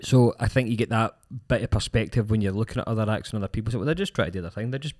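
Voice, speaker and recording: Scottish man, podcast co-host, quick pace, lowish pitch, rambling storyteller. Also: darkish tone. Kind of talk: casual podcast chat.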